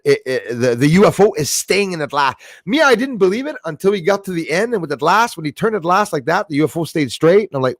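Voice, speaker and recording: A man's voice: fairly high pitch, no echo, clean studio sound. A man hosting a casual livestream chat, rambling and emotional, swearing freely. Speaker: host.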